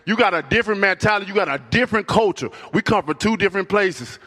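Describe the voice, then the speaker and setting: A man's voice: sits high, animated, quick pace, bright, forceful tone. A young adult man with an American accent, a boxer firing back at a press conference, defiant and challenging, often repeating himself. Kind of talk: trash talk at a press conference. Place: large packed press conference hall. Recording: echoey large hall.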